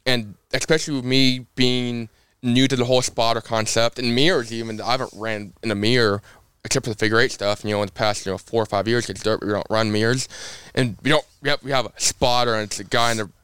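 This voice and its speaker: A man's voice: mid-range voice, brisk, clean tone, dry recording. A young man from Indiana, a race car driver, telling stories in a casual podcast interview and acting out the quotes. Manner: lively storyteller who acts out quotes.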